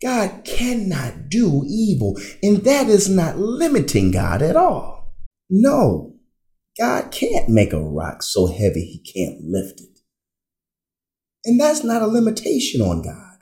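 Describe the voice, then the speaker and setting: Animated man teaching theology slowly. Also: sits high. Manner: animated, rhetorical questions and answers. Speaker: religion teacher. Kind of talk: classroom-style theology talk.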